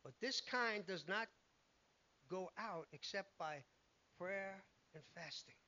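A man's voice: high voice, slow, sharp tone, highs cut off. A man preaching a sermon in an emphatic way, acting out the lines he quotes.

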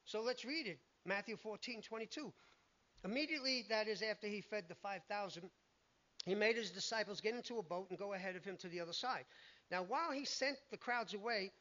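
A man's voice: sits high, fairly bright tone, muffled recording. A man preaching a sermon in an emphatic way, acting out the lines he quotes.

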